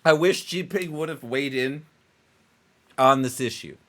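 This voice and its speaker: A man's voice: mid-range voice, measured pace, fairly bright tone. A man co-hosting a casual comedy talk show, rambling and swearing a lot while drinking. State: drinking, getting tipsy. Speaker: co-host.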